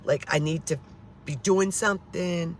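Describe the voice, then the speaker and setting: Speaking a little slowly in a fairly low voice, a woman in her fifties who vlogs about the paranormal rambles casually to her viewers on camera. She sounds frustrated, swears, and keeps restarting sentences, with slight background noise in the recording.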